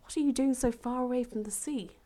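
A woman's voice: high voice, a little fast, mellow, voice pushed up, lightly acted. A woman reading as a curious rabbit. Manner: curious, questioning. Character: curious male rabbit, young and eager. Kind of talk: storybook reading.

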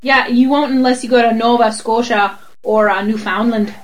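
A woman with a Canadian accent, co-hosting a casual chat, giggly and animated, often slipping into mock voices. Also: on the high side, normal speed, poor audio. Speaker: podcast co-host.

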